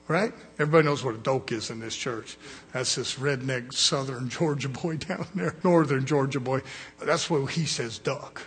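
A man's voice: mid-range voice, normal speed, a bit bright, slightly rough. A middle-aged male preacher giving a fiery sermon in a blunt, folksy manner, calling for amens from the congregation. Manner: folksy, blunt, call-and-response.

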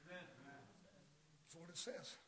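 A male preacher delivering a fiery sermon in a church, blunt and confrontational, swinging from shouting to hushed near-whispers. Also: high voice, measured pace, slight background noise. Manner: blunt, confrontational, repeating phrases.

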